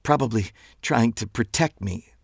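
A man reading an audiobook and voicing a grieving woman who speaks softly through tears. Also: mid-range voice, normal speed, breathy edge, no room sound, studio quality, pitched above the performer's own voice, natural voice. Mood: sad, weary. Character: grieving tearful woman, soft-spoken. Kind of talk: audiobook character voice.

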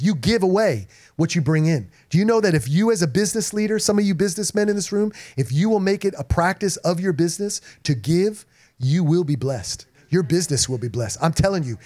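Male pastor, energetic sermon delivery with congregation call-outs, voice on the higher side. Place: church in front of a congregation.

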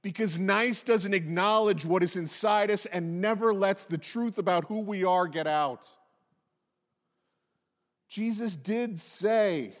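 A man's voice: sits high, unhurried, in a large hall. A man in his forties preaching a sermon, impassioned and emphatic, hammering repeated phrases. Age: 40s. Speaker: pastor.

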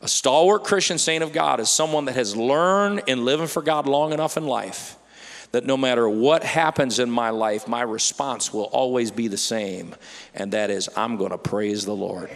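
A man's voice: mid-range voice, normal speed, creaky, long reverb tail. A man preaching a sermon, quoting scripture and acting out worried people and chirping birds. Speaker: pastor.

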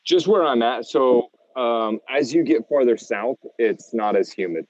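A man's voice: medium pitch, animated, a little slow, a little mellow, no room sound, dull audio. A young American man co-hosting a casual podcast, laid-back and saying "dude" a lot. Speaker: podcast co-host.

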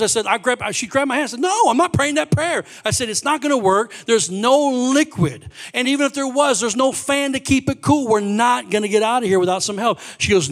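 A man preaching a sermon as pastor, telling a personal story with animated swings from quiet asides to loud exclamations. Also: extremely high pitch.

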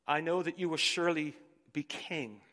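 A man's voice: fairly high pitch, normal speed, bright, forceful tone. A male pastor preaching a sermon with emphatic delivery, often repeating words as he drives his points home. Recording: long reverb in a large hall.

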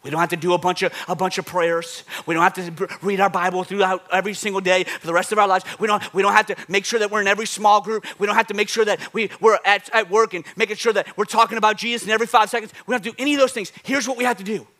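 A man preaching a sermon, telling animated stories and repeating phrases for emphasis. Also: sits high, rapid-fire, few pauses. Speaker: pastor.

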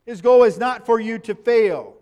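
A man with a notably high voice preaches a sermon. He talks plainly and conversationally, putting questions to his listeners and reading scripture passages aloud. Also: expressive, normal speed, darkish tone. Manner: reads scripture verses aloud.

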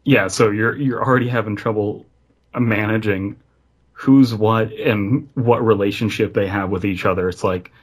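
A man's voice: lowish voice, steady tone, moderate pace, slightly rough. A man co-hosting a podcast, chatting casually with dry, laid-back comments. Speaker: podcast co-host. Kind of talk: casual chat.

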